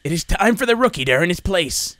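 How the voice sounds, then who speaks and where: A man voicing a gruff, bossy male camp leader in a horror game, giving stern orders. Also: high voice, animated, brisk, a bit bright, dry recording.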